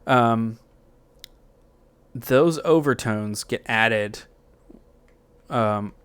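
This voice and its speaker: His mid-range voice is smooth and very slow as he leads a music software tutorial. The man's delivery is rambling and unstructured, like thinking aloud, packed with fillers and corrections of himself.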